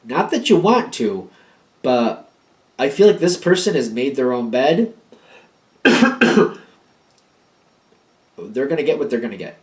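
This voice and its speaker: A man of middle pitch talks through a tarot reading in a loose, casual way. He rambles and repeats points for emphasis. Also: very animated, takes it slowly, pauses often. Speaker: tarot card reader.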